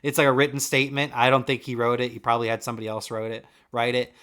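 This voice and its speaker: A man's voice: mid-range voice, level tone, racing, fairly bright tone. Joking man hosting a sports chat. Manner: loose and joking, laughs often, swears casually. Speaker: podcast host.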